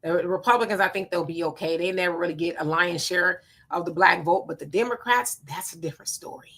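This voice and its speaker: A woman's voice: fairly low pitch, brisk, fairly bright tone. Chatty woman reading live-stream comments. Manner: chatty, greets commenters by name, reads comments aloud. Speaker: livestream host reading viewer comments.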